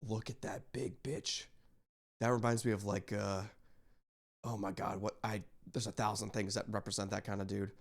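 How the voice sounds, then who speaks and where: A man's voice: lowish voice, level tone, a little fast. A man reacting to a video, chatting casually with lots of fillers, swearing and restarts. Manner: rambling, swears often, frequent fillers.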